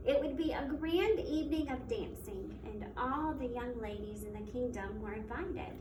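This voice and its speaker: High-voiced woman teacher reading a story. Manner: expressive, measured storytelling. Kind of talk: storybook read-aloud. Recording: echoey room, mic at a distance, faint background noise.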